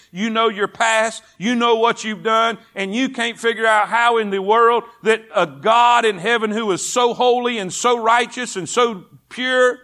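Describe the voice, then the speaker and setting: A male pastor with a high, pushed, bright voice preaches in a church sanctuary. His sermon is impassioned, and he repeats phrases and calls on the congregation to respond.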